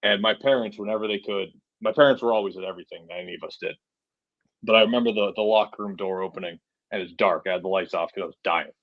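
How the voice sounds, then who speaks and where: A man's voice: lowish voice, fast, no echo, lo-fi sound. A man in his forties from Massachusetts, a podcast guest telling stories in a rambling, casual way with lots of "you know" and "right?". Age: 40s. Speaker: podcast guest, truck driver. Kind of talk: casual storytelling.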